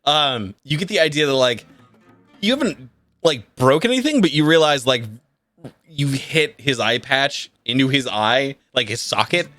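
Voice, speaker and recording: A man narrating a tabletop game as game master over a voice call, animated and laughing often, with many fillers. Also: medium pitch, moderate pace, soft background music. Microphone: computer mic on a voice call.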